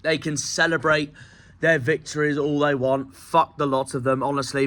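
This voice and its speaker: A man with a Cornish accent vents about a football loss in a bitter, profane rant, repeating himself as he goes. His voice is bright and cutting. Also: fairly high pitch, fairly even intonation, moderate pace. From Cornwall. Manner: furious, sweary, repetitive ranting. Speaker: football fan vlogger. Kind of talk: angry post-match rant.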